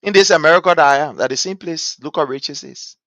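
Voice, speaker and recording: A man's voice: on the high side, fast talker, bright, forceful tone, dry recording, dull audio. Impassioned Liberian man, dry sound. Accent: Liberian English. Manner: rhetorical, repeats points, asks "guess what". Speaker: political talk show host. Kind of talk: impassioned commentary.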